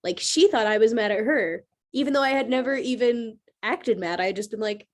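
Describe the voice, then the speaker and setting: A woman's voice: a little high, brisk, hardly any pauses. A woman astrologer hosting a casual livestream, chatting in a rambling way with lots of filler words. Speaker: astrologer and host.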